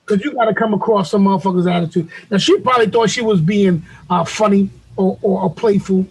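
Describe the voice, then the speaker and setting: A man bantering on a video call, joking crudely and teasing loudly. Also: high voice, brisk, vocal fry, slightly rough, rough recording.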